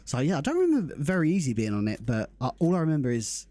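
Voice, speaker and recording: A man's voice: a little high, wildly swooping pitch, fast talker, dark tone, dry recording. A young man hosting a game live stream, chatting casually and greeting viewers in the chat by name. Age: young adult. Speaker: livestream host.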